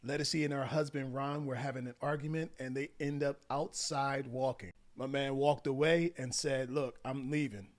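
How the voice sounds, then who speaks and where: A man's voice: mid-range voice, moderate pace, few pauses. A man giving relationship advice to viewers, retelling a story animatedly and acting out the quotes. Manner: animated, acts out quotes, addresses viewers as y'all. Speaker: relationship coach. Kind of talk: commentary vlog.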